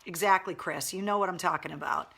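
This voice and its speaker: Chatty gravelly-voiced woman host. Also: lowish voice, fairly quick, sharp tone. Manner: chatty, candid and wry, with occasional swearing. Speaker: radio host doing a livestream. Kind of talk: casual chat reading viewer comments.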